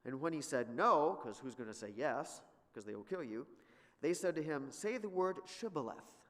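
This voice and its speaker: A man's voice: mid-range voice, lively intonation, moderate pace. A man teaching an informal Bible lesson in a church, chatty and sarcastic, retelling scenes with rising emphasis. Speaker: Sunday school teacher. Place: church room. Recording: long hall reverb.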